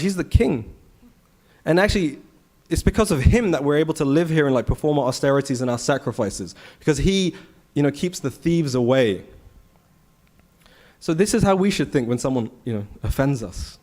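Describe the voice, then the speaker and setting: A man giving a conversational scripture class at a temple, telling the story with rhetorical questions and animated asides. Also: a little high, moderate pace. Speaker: temple speaker. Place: temple hall.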